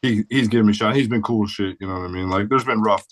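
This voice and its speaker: A man's voice: on the low side, very fast. Blunt, profane man in his forties. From St. Louis area. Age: 40s. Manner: blunt, profane and laid-back, peppered with "dude" and "like". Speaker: podcast guest. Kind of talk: casual storytelling chat.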